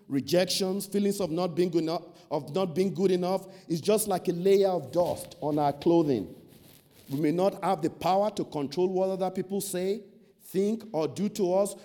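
A man preaching a sermon in a church meeting, dramatic and emphatic, dropping low to act out gossipers and rising loud to exhort.

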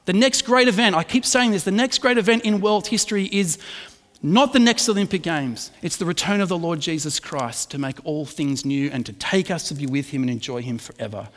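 A man's voice: a little high, a little fast, fairly bright tone. A middle-aged man preaching a sermon, chatty and self-deprecating in his stories and earnest in his teaching. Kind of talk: sermon with personal anecdote. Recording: long reverb in a hall.

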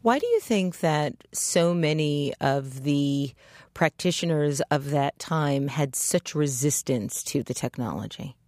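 A woman's voice: low-pitched, animated, unhurried, darkish tone, no echo, studio quality. A woman hosting an interview who asks concise, probing questions. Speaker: interviewer, host.

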